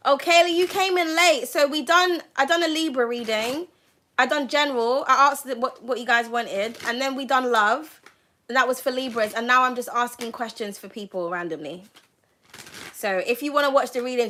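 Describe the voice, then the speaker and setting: A woman giving a live-stream tarot reading, chatty and excitable, swearing freely. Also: on the high side, slight background noise. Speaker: tarot reader.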